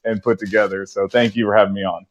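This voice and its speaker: Man in his 40s, low voice, chatty guest telling stories, does bits of his own old dialogue. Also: quick pace, muffled recording. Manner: animated, acts out his own past dialogue with jumps in pitch. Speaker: podcast guest. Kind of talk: conversational storytelling.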